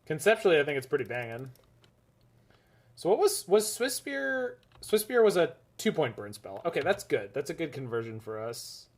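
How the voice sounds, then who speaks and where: A man casually commenting on his own card game matches, chatty and jokey, swinging between enthusiastic bursts and low mutters. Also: big pitch swings, moderate pace. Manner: chatty, rambling, jokey, laughs often. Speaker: gaming streamer.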